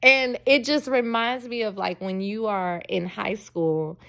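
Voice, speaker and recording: A woman's voice: mid-range voice, unhurried, creaky, fairly bright tone, clean tone. A woman in her forties, a podcast host chatting in a casual storytelling monologue, emphatic and often laughing. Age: 40s.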